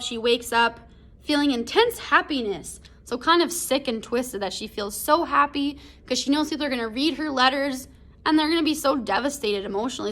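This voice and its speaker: A woman's voice: fairly high pitch, fairly bright tone. A woman teacher recording a casual lesson video about a story, talking in a chatty way full of fillers, from home. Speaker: English teacher. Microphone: computer or phone video recording.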